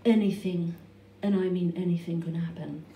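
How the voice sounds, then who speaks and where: A woman doing a plummy, breathy older mother speaking on the phone, put on in an echoey, noisy room recorded from a distance. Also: on the low side, fairly even intonation, normal speed, mellow, pitched below the performer's own voice, natural voice. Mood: theatrical warning.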